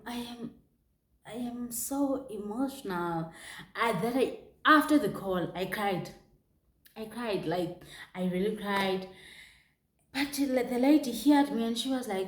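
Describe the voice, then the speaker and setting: A young South African woman candidly telling a personal story, animated, with restarts and local exclamations. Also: mid-range voice, unhurried. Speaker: vlogger. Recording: echoey room.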